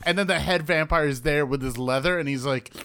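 A man's voice: on the high side, fairly quick, pushed and bright, smooth. A man co-hosting a podcast, rambling through jokey stories in casual chat. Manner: joking, rambling storyteller. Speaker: podcast co-host.

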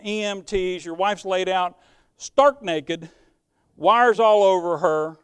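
An older man preaching a sermon testimony, telling his story with emphasis and swinging between loud declarations and hushed moments. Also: sits high, smooth, dry recording, studio quality.

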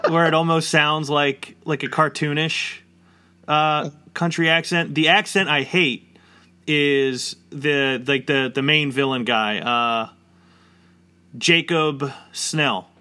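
Bright-voiced man rambling casually. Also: on the high side, fairly even intonation, slow pace, long pauses, clear, resonant tone. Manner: rambling, heavy use of "like" fillers. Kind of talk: casual chat.

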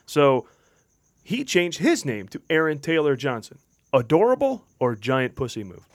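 A man's voice: a little high, sing-song, measured pace, no room sound, clean studio sound. A man hosting a podcast, steering the chat with wry questions. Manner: wry, leads the talk with questions. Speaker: podcast host. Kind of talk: casual chat.

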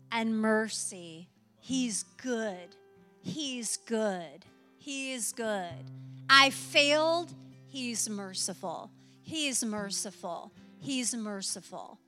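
A woman's voice: a little high, pushed and bright, long reverb tail. A woman pastor preaching a sermon in a church, with impassioned, emphatic repetition, then closing in prayer. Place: church sanctuary.

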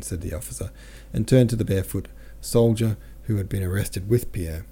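A man narrating a classic novel as an audiobook reader, in a measured, steady manner. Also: deep voice, husky.

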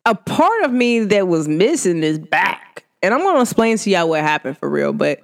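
A spiritual energy reader who talks casually and directly to listeners, humming "mm" between thoughts and swooping up high when laughing. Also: vocal fry. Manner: chatty and animated, addresses listeners directly; hums and drawn-out "mm" sounds between thoughts. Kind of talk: casual spoken energy reading to viewers.

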